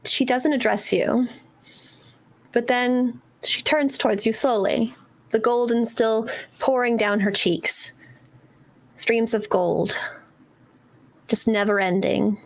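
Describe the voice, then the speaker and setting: A woman narrating a tabletop game as game master, describing scenes in an unhurried way. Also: medium pitch. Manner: descriptive, unhurried, laughs easily.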